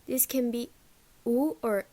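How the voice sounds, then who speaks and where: A woman reading a presentation on accents, slow and careful, sounding out example words. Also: on the high side, steady tone, a little mellow.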